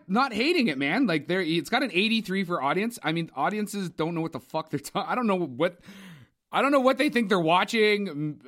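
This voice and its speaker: A young man with a high-sitting, somewhat bright voice co-hosts a podcast, offering a casual, profane, strongly opinionated movie review that keeps drifting into rambling asides.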